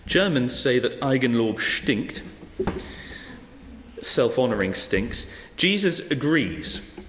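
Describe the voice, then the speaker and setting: A man preaching a sermon, telling a parable and acting out the characters in it. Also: mid-range voice. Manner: animated storyteller acting out quoted guests. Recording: echoey hall.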